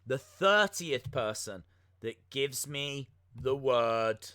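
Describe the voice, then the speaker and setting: A man's voice: mid-range voice, expressive, slow, pushed and bright, clear, resonant tone, no room sound, clean studio sound. A man hosting a wrestling podcast live stream, chatting casually and mocking himself, with lots of ums and uhs. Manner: chatty and self-mocking, with many filler words.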